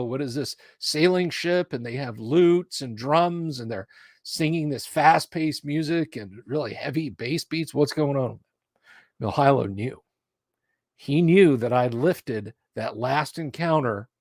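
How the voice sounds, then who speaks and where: Animated middle-aged man hosting a livestream. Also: medium pitch, no echo, clean studio sound. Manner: animated, hype-building and rambling. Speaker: livestream host. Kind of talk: casual livestream chat.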